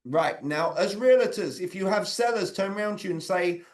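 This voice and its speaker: A man with a fairly high voice coaches a group over a video call. He keeps the talk conversational, stopping to put questions to people by name. His tone is that of an interactive training session on sales communication. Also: normal speed.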